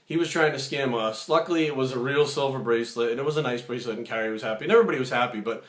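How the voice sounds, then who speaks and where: A man telling a story in a casual vlog, animated, acting out other people's lines. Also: medium pitch, rapid-fire. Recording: echoey room.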